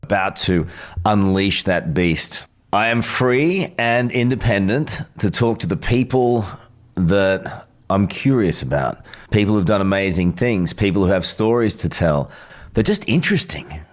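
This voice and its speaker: A man's voice: on the low side, animated, measured pace. A man giving an earnest promotional monologue about his new venture.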